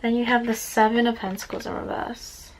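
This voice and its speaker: A young woman does an easygoing tarot reading at home on her bedroom floor, talkative and apologetic, easily distracted and slightly out of breath. She speaks a little fast in a fairly high, level voice, with background noise behind her.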